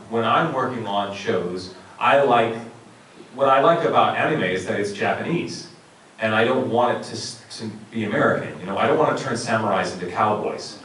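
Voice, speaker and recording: A middle-aged man, a voice actor on a convention panel, talking in an articulate, animated way and laughing often. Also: on the low side, normal speed, slight background noise. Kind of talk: casual panel talk. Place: convention hall. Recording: echoey convention hall from far off.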